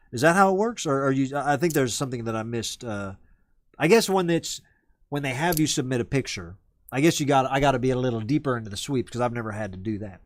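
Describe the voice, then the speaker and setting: A man's voice: mid-range voice, expressive, fast talker, no room sound, clean studio sound. A man hosting a casual live stream, rambling and correcting himself as he talks. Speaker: show host.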